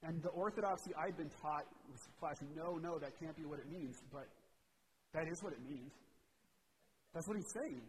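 A man's voice: on the high side, a little hiss or hum, low-quality recording. A man preaching a sermon in a conversational way, retelling a parable and briefly voicing its characters. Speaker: pastor.

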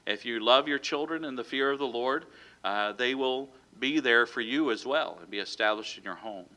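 A man delivers a sermon with a very bright, ringing tone. He speaks in a loose, conversational way, breaking off with fillers and restarting his sentences. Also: mid-range voice, moderate pace. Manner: conversational, many fillers and self-corrections. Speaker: pastor.

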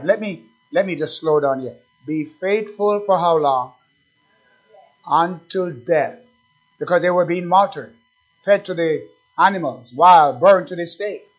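A male pastor with a high voice preaches a sermon, pressing his listeners with rhetorical questions and climbing in fervor. The recording sounds dull and lo-fi. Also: unhurried, soft background music.

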